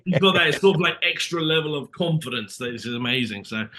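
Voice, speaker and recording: Bright-voiced British man, lively storyteller. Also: a little high, a little fast. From Britain. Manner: animated storyteller, acts out dialogue, many fillers. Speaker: actor, interview guest. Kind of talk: casual interview chat.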